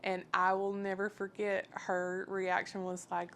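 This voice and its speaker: A woman's voice: medium pitch, monotone, a little slow, fairly bright tone, a little hiss or hum. A woman telling her personal faith story in an earnest, emotional, conversational way. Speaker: guest sharing her testimony.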